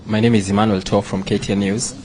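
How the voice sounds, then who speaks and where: A man's voice: on the low side, flat delivery, fast, background noise. A man, a TV news reporter, asking a question hesitantly with fillers. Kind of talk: press conference question.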